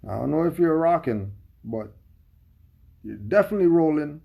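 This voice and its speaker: A man's voice: fairly high pitch, expressive, moderate pace, gravelly, pauses often, dark tone, slightly rough. A man giving sarcastic reaction commentary on a video, firing off mocking rhetorical questions.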